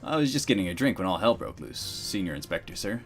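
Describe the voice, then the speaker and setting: A dopey, bragging young bodybuilder with a laid-back drawl, put on by a man reading a game. His low voice stays easygoing. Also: big pitch swings, quick pace, soft background music. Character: dim, boastful young male handyman and bodybuilder.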